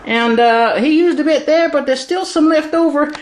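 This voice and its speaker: Putting on an exaggerated cowboy act, a very high-pitched English guest cook slips into a phony Texan drawl at a moderate pace, peppering the cooking with silly asides and repeated yeehaws. The home kitchen gives the recording a roomy echo.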